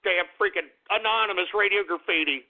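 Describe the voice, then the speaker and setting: A man with a very high, gravelly voice rants through his call-in radio show. He swears constantly and sounds angry and fed up. The audio is narrow and tinny, like a phone line. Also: fairly quick. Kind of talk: profane call-in radio rant.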